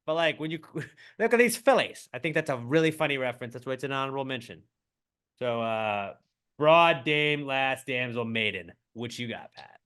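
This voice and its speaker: Bright-voiced joking male podcast co-host. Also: medium pitch, animated, moderate pace, clean tone. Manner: jokey, riffing with mock old-timey voices. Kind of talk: casual chat.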